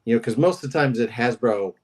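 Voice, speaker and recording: A man, a comics artist on a podcast, playful and quick with jokes. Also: medium pitch, lively intonation, darkish tone, breathy edge. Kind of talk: casual podcast chat.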